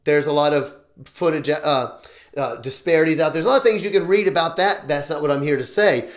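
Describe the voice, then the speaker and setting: A man's voice: on the high side, fairly quick. A man hosting his own show, talking earnestly through his opinions and often restarting sentences. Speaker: show host. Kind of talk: opinion vlog monologue. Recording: roomy echo.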